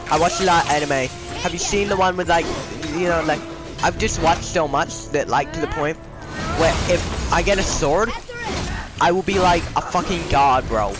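A man's voice: a little high, low-quality recording. A young man playing a game on camera, whining and swearing in constant outbursts. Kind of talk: raging gameplay commentary. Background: game music.

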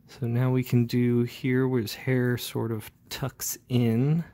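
This is relaxed ink-along narration from a comic book inker who talks as he works, showing each inking step with plenty of fillers. His mid-range voice is mellow and level, moving at a slow pace in a casual manner.

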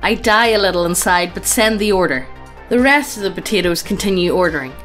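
A woman's voice: on the low side, animated, fairly quick, a bit bright, faint music behind. A woman channel host casually reading a funny story aloud, swearing freely and breaking into laughter.

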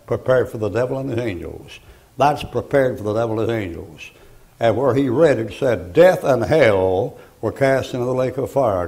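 Older male preacher, gravelly voice, dark tone, folksy emphatic sermon. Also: mid-range voice, rough recording. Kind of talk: fiery sermon. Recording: archival sermon recording.

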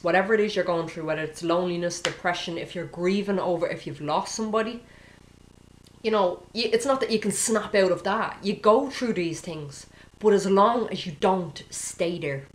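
A woman's voice: on the low side, moderate pace. Earnest woman preaching in a roomy space. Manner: earnest, direct, often asks "okay?". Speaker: Christian video preacher. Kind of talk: informal sermon to camera.

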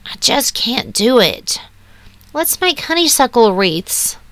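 A woman's voice: a little high, big pitch swings, slow pace, no echo, pitched above the performer's own voice, heavily acted. A woman doing a small, frail, timid boy. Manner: soft, pleading, fearful.

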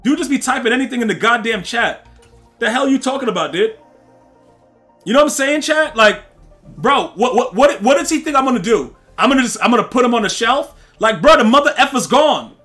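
A high, bright-voiced man streams a football video game and talks straight to his chat. He talks in loose slang and trash-talks the players, with faint music under him. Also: expressive, brisk. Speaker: gaming streamer. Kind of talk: casual live-stream commentary.

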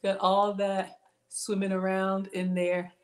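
A woman's voice: medium pitch, completely flat delivery, slow pace. A woman chatting through a live cooking stream from her home kitchen, reading viewers' comments aloud and talking to them by name. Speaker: cooking channel host.

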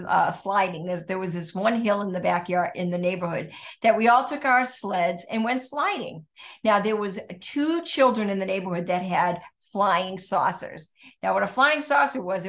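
An older woman co-hosting a podcast, telling a childhood story in a lively, laughing way. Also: mid-range voice. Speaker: podcast co-host. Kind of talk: storytelling chat.

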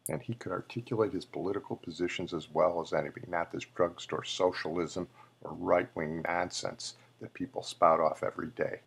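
A man's voice: deep voice, vocal fry, breathy edge. A male podcast host giving opinionated, conversational commentary on a memorial show.

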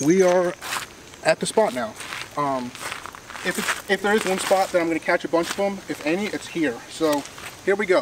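A man's voice: a little high, background noise. A man filming a casual fishing vlog outdoors on a riverbank, talking to the camera in a chatty, rambling way. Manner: chatty and rambling, addresses viewers as guys. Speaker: fishing vlogger. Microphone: camera set up on the bank.

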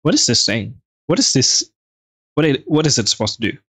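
A man giving chatty, excitable let's play commentary as a gaming video host, reading on-screen text aloud and reacting quickly. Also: medium pitch, husky, no echo.

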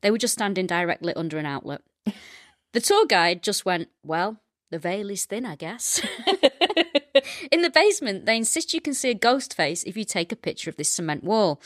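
A woman's voice: fairly low pitch, a little fast, no echo, clean studio sound. A woman co-hosting a comedy podcast, joking, swearing and laughing while reading a listener letter. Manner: animated, jokey, swears, laughs. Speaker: podcast co-host. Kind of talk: casual comedic chat.

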